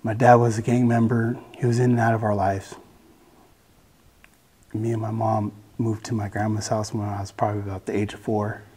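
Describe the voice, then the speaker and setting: A man shares his faith testimony in a low, husky voice. His delivery is flat and earnest, and he often breaks off and restarts a thought. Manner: halting and earnest, with many restarts. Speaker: person giving a testimony.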